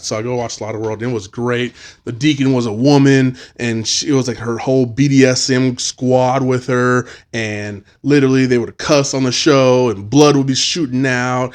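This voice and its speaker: A man hosting a podcast, chatting casually and telling lively stories. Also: mid-range voice, fairly quick. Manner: animated storytelling, acting out quotes, swearing freely. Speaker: podcast host.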